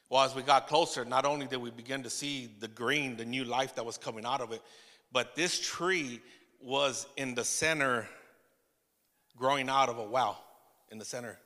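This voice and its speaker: A man preaching a testimony sermon to his church, telling the story with laughing asides and halting restarts. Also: medium pitch, fairly even intonation, pushed and bright, in a large hall. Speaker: pastor.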